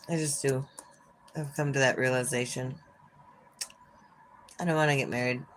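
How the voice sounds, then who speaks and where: Slow-talking Minnesotan woman, gravelly. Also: very deep voice, slight background noise. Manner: chatty, sarcastic, frank with swearing. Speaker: livestream host. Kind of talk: casual livestream chat with viewers. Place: at home by an open window.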